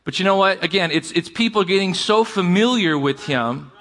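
A man's voice: high-pitched, expressive, moderate pace, fairly bright tone. A man preaching a sermon as pastor, talking conversationally and calling out to his congregation. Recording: long reverb of a large hall.

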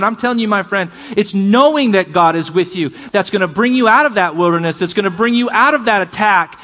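A pastor with a high voice delivers an impassioned sermon. He mixes fervent preaching with casual asides to the listener. When he reads scripture he slows down and stretches his words for emphasis. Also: lively intonation, fairly bright tone.

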